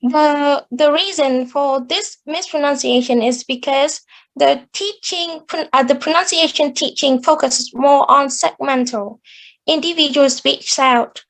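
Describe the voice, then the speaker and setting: A woman's voice: high voice, a bit bright, low-quality recording. A woman giving an academic presentation on English pronunciation, explaining carefully with small restarts. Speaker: student presenter.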